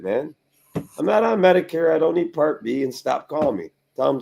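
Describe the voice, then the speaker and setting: A middle-aged man hosting a garage show, ranting and swearing as he tells animated stories in casual chat. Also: on the high side, normal speed, vocal fry, slight background noise. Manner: profane, ranting, animated storytelling.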